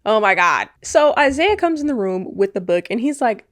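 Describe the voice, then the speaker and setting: A young woman in her twenties talks through a film's plot in a loose, casual way. She is animated and chatty, tossing in reactions and filler as she goes. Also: a little high, normal speed, few pauses. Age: 20s. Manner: animated, chatty retelling with lots of "like". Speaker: movie recap YouTuber. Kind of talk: casual movie recap.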